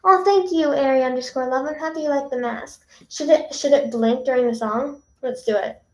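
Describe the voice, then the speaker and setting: A woman's voice: high voice, normal speed, a little mellow. A young woman, a singer, chatting casually with viewers on a livestream in a bubbly, chatty way. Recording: echoey room.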